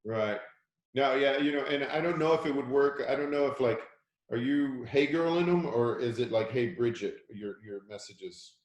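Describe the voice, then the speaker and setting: A man's voice: medium pitch, normal speed. A man hosting a team call, rambling casually with many restarts and "you know". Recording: echoey room sound.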